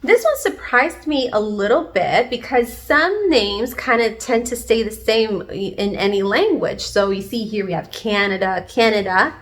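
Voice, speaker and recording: A woman from Puerto Rico, speaking at medium pitch with lively intonation, a little slowly and with hardly any pauses, gives a casual video lesson at an indoor whiteboard. An online language learner teaching viewers, she is chatty, encouraging, and self-deprecating, with the camera framing her at the board.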